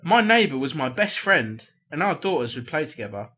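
A man's voice: a little high, sing-song, moderate pace, bright, forceful tone. A man co-hosting a casual podcast, reading out problem letters with a jokey, laughing delivery.

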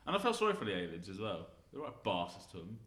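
A man's voice: low voice, wildly swooping pitch, fast, a bit bright. A man, co-hosting a casual podcast, rambling and asking questions about a film. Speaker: podcast co-host. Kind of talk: casual banter among friends.

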